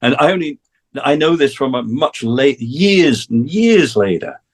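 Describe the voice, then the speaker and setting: A man's voice: medium pitch, big pitch swings, a little slow. English man telling studio stories. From England. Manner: rambling, many restarts, acts out quoted voices. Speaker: guest, session drummer. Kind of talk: casual storytelling interview.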